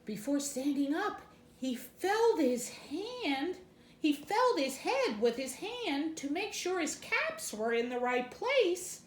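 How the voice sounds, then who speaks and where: Slow, sing-song woman reading a storybook. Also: sits high. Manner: expressive, sing-song, gasps for effect. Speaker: storyteller for children. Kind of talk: storybook read-aloud. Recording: roomy echo, faint background noise.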